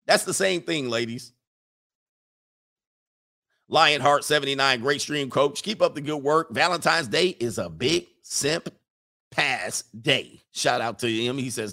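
A middle-aged streamer and coach with a medium-pitched, gravelly, sharp-toned voice speaks unhurriedly in a casual livestream chat. He reads viewer comments, laughing and telling loose, slangy stories.

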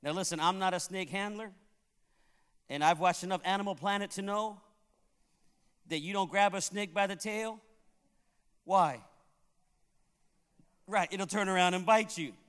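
Man preaching, high smooth voice, humorous storytelling, long hall echo. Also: unhurried, pauses often, fairly bright tone. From Puerto Rico. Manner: humorous storytelling, laughs at his own tales. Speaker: pastor. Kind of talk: sermon.

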